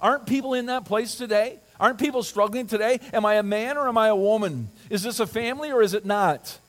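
A man with a high voice preaches with fervor, his delivery rising and falling as he presses his point. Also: fast talker. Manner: impassioned preaching, reads scripture aloud, asks the congregation to repeat. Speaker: pastor. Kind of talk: sermon.

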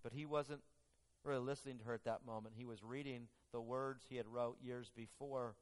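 A man preaching a sermon and telling a story, earnest and halting, often restarting his phrases. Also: medium pitch, steady tone.

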